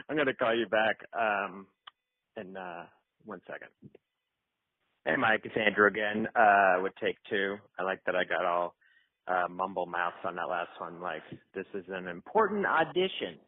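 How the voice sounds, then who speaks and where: A man's voice: on the low side, normal speed. A man leaving a voicemail, casually telling a rambling, self-deprecating story full of fillers. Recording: tinny phone voicemail line.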